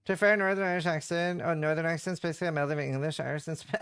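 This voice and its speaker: Man, slightly high voice, rambling casual streamer chatter. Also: fairly even intonation, fast, hardly any pauses, fairly bright tone, clear, resonant tone. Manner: chatty, rambling, heavy use of "like". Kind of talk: casual livestream chat while gaming.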